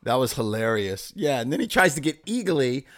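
A man's voice: medium pitch, sing-song, normal speed, a bit bright. A man in a casual chat about a TV show, laughing and finishing his co-host's sentences. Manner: laughing, jumps in to finish the other's lines. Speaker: podcast co-host.

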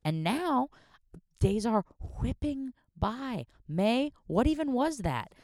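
A young woman hosting a solo podcast from her car, a little hoarse, rambling and self-deprecating with lots of fillers. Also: fairly high pitch, big pitch swings, takes it slowly, a little mellow, no echo, clean studio sound. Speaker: podcast host. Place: in a parked car.

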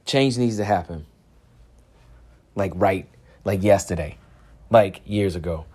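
A man giving personal testimony, halting and searching for words, with frequent restarts. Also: low voice, mellow.

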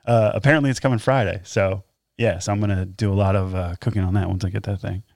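A man's voice: fairly low pitch, fast, creaky, dry recording. A man chatting casually and loosely, rambling a bit as he talks. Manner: relaxed, rambling, with fillers. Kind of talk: casual chat.

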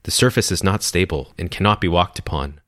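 A man's voice: low voice, a bit bright, no room sound, studio quality. A man doing a stern island chieftain. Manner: measured, authoritative. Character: stern male island chieftain, weary and commanding.

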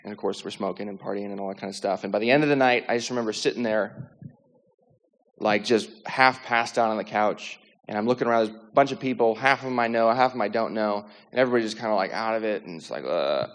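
A man's voice: fairly low pitch, quick pace. A young man sharing his personal faith testimony in a casual, rambling storytelling way, full of fillers, restarts and acted-out inner thoughts.

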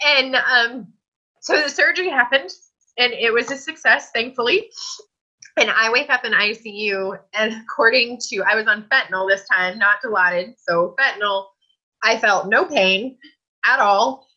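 A woman's voice: on the high side, moderate pace, sharp tone, husky, lo-fi sound. A woman guest telling a personal story in a chatty, earnest way that often breaks into laughter.

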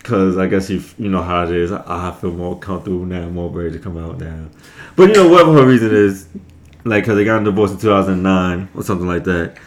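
A man's voice: sits low, fast talker. Thirties guy cohosting a podcast, chill and teasing, just chatting. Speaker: podcast co-host. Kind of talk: casual podcast chat.

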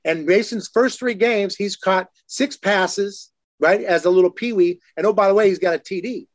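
A man hosting a casual chat, telling youth sports stories and acting out quotes in lively voices. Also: moderate pace, no room sound, clean studio sound. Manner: animated, acts out quotes in lively higher voices.

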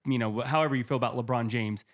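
A man co-hosting a podcast talks in an energetic, conversational manner at a middling pitch. He keeps a casual, chatty tone. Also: rapid-fire. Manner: energetic, conversational, uses sports comparisons.

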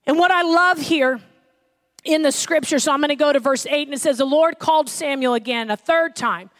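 A woman pastor preaching a sermon, animated, acting out the voices she quotes. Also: high-pitched, fairly quick.

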